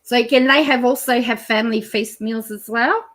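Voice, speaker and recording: A middle-aged Australian woman, the host of her own channel, chatting casually and rambling as she reads out a fast-food menu, with many ums and some excited laughter. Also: fairly high pitch. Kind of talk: casual chat reading a menu aloud.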